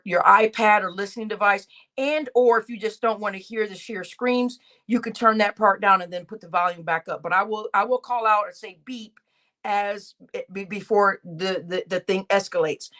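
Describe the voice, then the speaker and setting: A woman's voice: mid-range voice, a bit bright. A woman hosting a casual reaction stream, talking over a played recording in a rambling way, with stumbling restarts and blunt exclamations.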